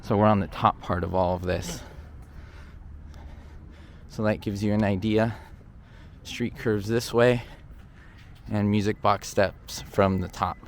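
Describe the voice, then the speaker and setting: Brief: man, low-ish voice, casual walking-tour vlogger, slightly winded, faint street ambience. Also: steady tone, slow, long pauses. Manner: chatty, thinking aloud, many fillers. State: out of breath from climbing stairs. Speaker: vlogger touring a location. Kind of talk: casual walking vlog narration. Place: outdoor hillside stairway in a city neighborhood. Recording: faint outdoor ambient noise.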